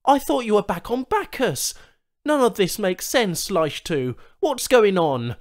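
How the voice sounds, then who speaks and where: Baffled, irritable human trader, voiced by the narrator, agitated and animated. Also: male voice, sits high, unhurried, pitched above the performer's own voice. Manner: agitated questioning.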